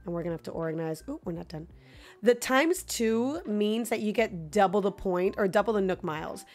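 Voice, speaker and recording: A woman's voice: medium pitch, animated, a little fast. A woman streaming a video game live, chatting with her viewers, laughing often and talking back to the game characters into her microphone. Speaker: gaming streamer.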